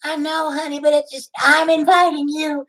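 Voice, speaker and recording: A woman's voice: sits high, flat delivery, moderate pace, creaky, fairly bright tone. A woman on a prank phone call, playing a lonely, clingy character who giggles and gushes emotionally. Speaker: scam baiter posing as a lonely woman.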